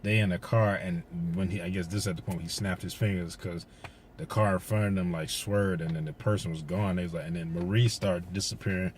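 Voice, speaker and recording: A man with a very low voice tells a movie's story in a loose, rambling way. He swears freely and gets worked up as he retells the big moments. A faint background hum sits under his voice. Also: a little fast. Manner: rambling, profane, excitable retelling. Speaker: movie reviewer. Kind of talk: casual spoiler recap.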